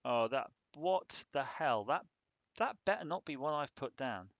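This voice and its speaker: A man's voice: medium pitch, expressive, a little slow, fairly bright tone, no echo, dull audio. A man on a casual live stream, rambling and joking while he thinks aloud about a hardware design.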